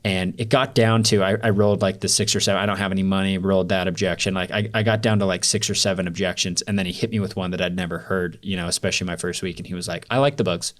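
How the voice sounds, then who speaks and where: Deep-voiced young man telling a story. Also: little pitch movement, fast talker, hardly any pauses. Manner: loose and rambling, heavy use of "like" fillers. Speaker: podcast guest. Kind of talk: storytelling in a casual interview.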